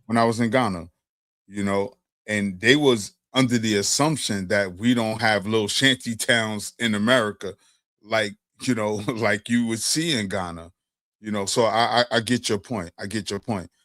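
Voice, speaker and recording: A man's voice: fairly low pitch, moderate pace, dry recording, studio quality. A man from Brooklyn, hosting a casual discussion and telling stories with streetwise slang. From Brooklyn, New York. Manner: animated storyteller, streetwise slang.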